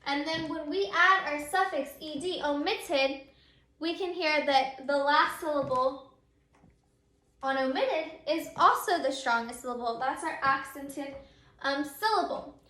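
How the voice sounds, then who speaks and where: Bright-voiced, high woman teacher. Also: reverberant. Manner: patient, repeats and models words slowly. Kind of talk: grammar lesson.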